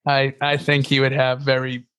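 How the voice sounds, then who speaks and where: This casual-podcast co-host has a smooth, mid-range voice and keeps a normal speed. He's an animated storyteller who laughs a lot and leans on fillers.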